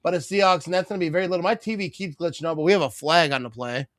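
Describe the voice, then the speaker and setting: A man hosts a live stream of a football game, rambling, cracking jokes and shouting out viewers by name. His voice is fairly high and sharp. He is close to a dry mic with no room sound. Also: rapid-fire, no echo. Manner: rambling, joking, reads viewer comments aloud; bursts into excited play-by-play on big plays. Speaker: host of a live game watch party. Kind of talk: casual live-stream commentary and chat.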